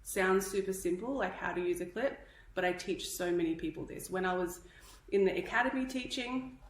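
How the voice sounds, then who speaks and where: A woman's voice: on the low side, moderate pace, echoey room, rough recording. Chatty woman teaching hairstyling, a bit breathless. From Australia. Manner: chatty, instructive, checks in with "okay?". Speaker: hairdressing educator. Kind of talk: live tutorial.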